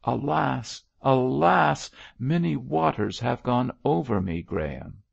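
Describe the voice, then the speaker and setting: A man reading an audiobook, voicing an anguished grey-haired older bishop who speaks gravely and in a stately manner. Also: medium pitch, lively intonation, takes it slowly, dry recording, highs cut off, pitched above the performer's own voice, heavily acted.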